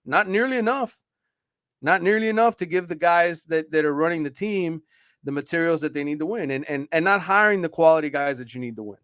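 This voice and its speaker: A man's voice: fairly high pitch, brisk, a bit bright, clear, resonant tone, no room sound, studio quality. A man, a sports reporter, talking frankly and conversationally on a radio show, with frequent restarts. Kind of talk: casual on-air sports talk.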